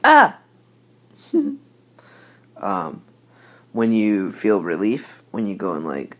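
Male podcast host, rambling and laid-back, slow, drawn-out pace. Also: sits low, a little mellow. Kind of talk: casual podcast monologue.

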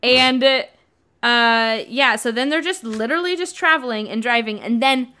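A young woman with a bright, fairly high voice joins in a casual podcast recap of a book. She reacts in a playful, over-the-top way. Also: unhurried, smooth. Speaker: podcast co-host.

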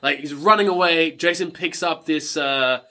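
A young man co-hosting a podcast, recapping a film in an excitable, sweary way with lots of "like". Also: a little high, moderate pace. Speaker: podcast co-host. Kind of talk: casual film recap chat.

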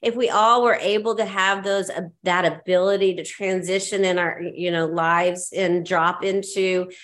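A woman's voice: lowish voice, fairly even intonation, fairly bright tone. Affirming woman interview host. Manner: affirming and encouraging, quick to agree. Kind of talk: casual interview chat.

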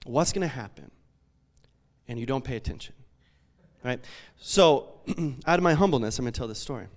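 A man, a pastor in his thirties, preaching a sermon with animated, self-deprecating storytelling and lots of fillers. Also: medium pitch, moderate pace.

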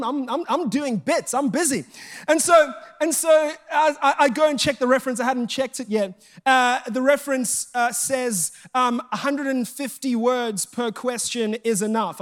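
A man's voice: very high-pitched, moderate pace. A man preaching a sermon, telling jokey stories and acting out the dialogue in them. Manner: animated storytelling, acting out quoted dialogue; jokey and self-mocking.

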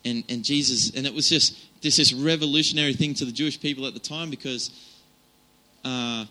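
A man's voice: medium pitch, fairly even intonation, brisk, bright, forceful tone, poor audio. A man giving an informal, chatty sermon, with many fillers and restarts. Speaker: preacher.

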